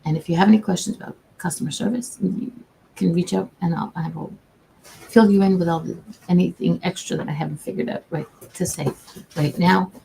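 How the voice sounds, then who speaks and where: A woman's voice: fairly low pitch, fairly even intonation, fairly quick, vocal fry, slight background noise, low-quality recording. A woman who works as a customer service agent, giving casual advice on a livestream in a chatty, folksy way with frequent restarts. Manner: chatty, folksy, warm-hearted, restarts sentences often. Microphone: own camera, streaming.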